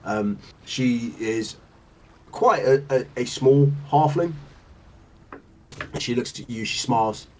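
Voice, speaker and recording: A man's voice: medium pitch, slow, long pauses, distant mic, a little hiss or hum, rough recording. A man narrating as game master, rambling with lots of fillers and laughing as he describes scenes.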